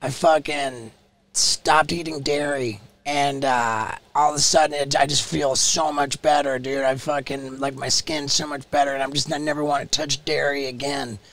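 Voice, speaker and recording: A man's voice: medium pitch, little pitch movement, moderate pace, fairly bright tone. A man co-hosting a podcast, talking with an eager, swearing, laugh-heavy manner. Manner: enthusiastic, swears often, laughs a lot. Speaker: podcast co-host. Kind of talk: casual podcast chat.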